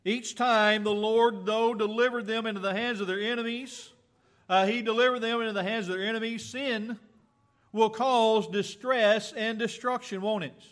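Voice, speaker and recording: A man with a high, steady, fairly bright voice preaches a sermon, reading scripture aloud slowly and earnestly. He uses fillers and makes small self-corrections along the way.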